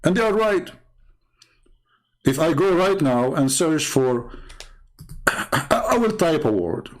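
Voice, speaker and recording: A man's voice: a little high, very animated, takes it slowly. Taunting man with a tinged voice. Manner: taunting, sarcastic, repeats words for emphasis. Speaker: online debate host. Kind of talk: mocking monologue.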